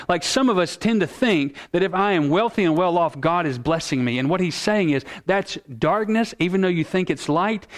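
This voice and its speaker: Earnest preaching man, slightly high voice. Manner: earnest, emphatic preaching with slowed stresses. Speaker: pastor. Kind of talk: sermon.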